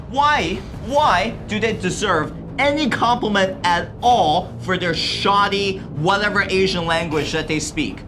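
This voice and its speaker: A man from China, a native Chinese speaker, talks straight to camera in an opinionated, lecturing way. His voice sits a little high and sounds bright and forceful. He drives his points home with rhetorical questions. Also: lively intonation, moderate pace, a little hiss or hum. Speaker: vlog co-host. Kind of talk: casual opinionated commentary to camera.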